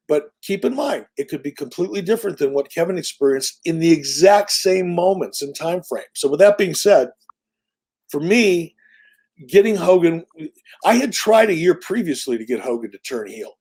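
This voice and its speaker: Telling stories as an interview guest, a man in his sixties comes across animated, salty-mouthed and punchy in a casual way. His voice runs high with a husky quality.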